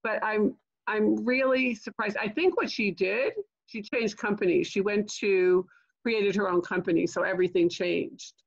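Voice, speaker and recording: Older lady coaching on a video call, chatty, gravelly voice, kinda dull lo-fi audio. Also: medium pitch, moderate pace. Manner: chatty, keeps asking "okay?" and "right?"; jokey asides. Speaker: LinkedIn trainer. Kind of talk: online training webinar.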